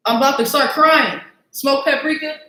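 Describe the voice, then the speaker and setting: A woman's voice: high voice, normal speed, pushed and bright, roomy sound, slight background noise. A woman hosting a casual live cooking stream, chatty and self-mocking as she talks to her viewers from a home kitchen. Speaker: cooking show host.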